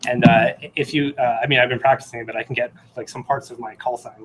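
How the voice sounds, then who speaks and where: A man's voice: mid-range voice, flat delivery, fast, fairly bright tone, slight background noise, rough recording. A man giving a casual technical talk at a meetup. He rambles with many fillers and restarts, and he sings out beeping rhythms as he demonstrates. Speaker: meetup presenter. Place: meetup room.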